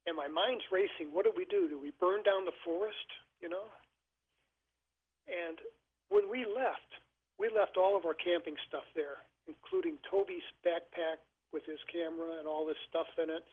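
A male caller telling a personal story on a call-in show in a halting, earnest way, often restarting his sentences. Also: on the high side, slightly rough. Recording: tinny phone line.

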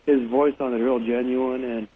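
A man's voice: medium pitch, level tone, unhurried. Earnest male caller on a tinny phone. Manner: earnest, hesitant. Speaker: radio caller. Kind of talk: phone-in chat.

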